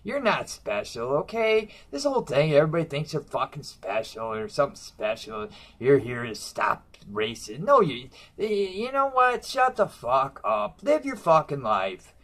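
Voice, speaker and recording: A man's voice: a little high, sing-song, normal speed, few pauses, a bit bright. A man ranting casually about comic books in a brash, profane, mocking way. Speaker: comic book reviewer.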